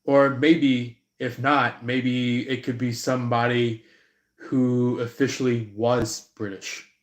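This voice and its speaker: A man speaks slowly on a live-stream reading, groping for words and filling gaps with "um" and "like." His voice is mid-pitched and sits in a roomy, echoey space. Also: level tone. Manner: slow, halting, many fillers. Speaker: tarot reader.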